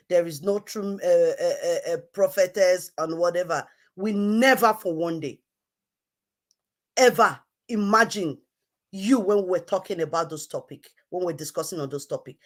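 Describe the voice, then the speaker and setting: A woman's voice: lowish voice, moderate pace. A woman hosting an online show, scolding someone in a heated, repetitive rant. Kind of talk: heated live-stream rant.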